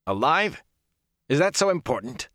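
A man's voice: on the low side, lively intonation, normal speed, no room sound, voice pushed up. Audiobook: stern middle-aged warrior lord voiced by a male narrator, anguished and raised, dry booth sound. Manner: stern, bursts into shouting anguish. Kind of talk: audiobook character voice.

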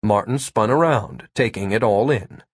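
A man narrating an audiobook in an expressive, wry storytelling manner. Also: lowish voice, moderate pace, slightly rough, no echo, clean studio sound.

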